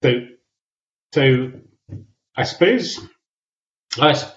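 A man being interviewed as a business founder, answering in a halting way with many fillers. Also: medium pitch, animated. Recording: dull lo-fi sound.

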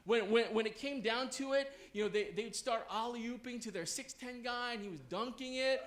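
A man preaching a story-led sermon before a congregation, animated, often checking in with listeners. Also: very high-pitched, normal speed, roomy sound.

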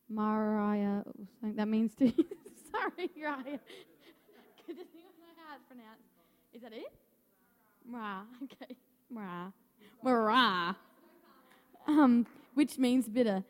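A woman's voice: medium pitch, mellow. A nervous young woman giving a church message, reading and stumbling over words. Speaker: youth speaker. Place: church hall. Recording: long hall reverb.

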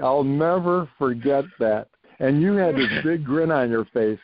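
A man's voice: fairly high pitch, expressive, moderate pace, muffled recording, slight background noise. An older man, a retired coach, telling stories animatedly in a casual interview, repeating phrases for emphasis. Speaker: retired coach, podcast guest.

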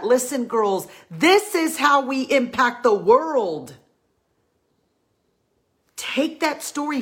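Speaking to the women who follow her, this Christian encourager offers an earnest, pleading faith talk and repeats her main lines to drive them home. Her voice is fairly high with a bright tone.

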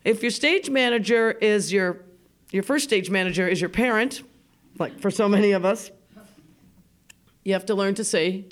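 A woman's voice: medium pitch, moderate pace, pauses often. Chatty woman telling a funny story. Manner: chatty, laughs often, acts out remembered voices. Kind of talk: live radio personal storytelling. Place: radio studio.

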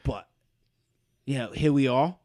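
A man narrating a tabletop role-play as game master, relaxed, with frequent fillers. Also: mid-range voice, unhurried.

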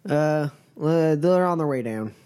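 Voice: medium pitch, animated, measured pace, mellow, smooth, close to an everyday voice. A game master voicing a brusque tavern barmaid who keeps pushing drinks in a tabletop game role-play. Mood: pushy. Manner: pushy, keeps offering drinks.

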